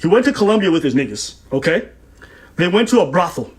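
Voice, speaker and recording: A man talks fast in a fairly high voice, reacting with heated, mocking commentary. He is profane and animated, laughing at the people he criticizes. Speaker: co-host of a reaction show.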